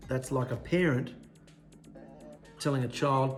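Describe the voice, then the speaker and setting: Emphatic male preacher with soft music. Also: mid-range voice, unhurried. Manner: emphatic, preaching in short, punchy lists. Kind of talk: sermon.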